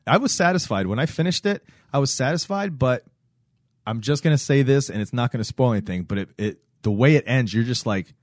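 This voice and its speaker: A man chatting casually as a podcast co-host, recapping a series with animated storytelling. His voice sits at an ordinary pitch. The recording is dry, with no room sound. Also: fairly quick, no room sound. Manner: animated storytelling, acts out quotes. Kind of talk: casual chat recapping a show.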